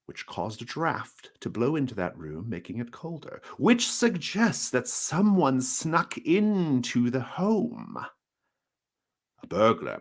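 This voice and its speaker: A man voicing a nebbishy, pompous little male detective inspector, lecturing in a lively, high voice. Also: full character voice.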